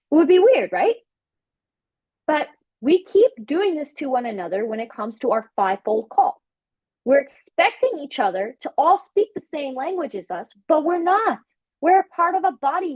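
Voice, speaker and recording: A woman teaching on prophetic ministry, emphatic and animated, repeating her key phrases. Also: high voice, moderate pace, no room sound. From Africa. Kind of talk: preaching teaching session. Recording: dull lo-fi sound.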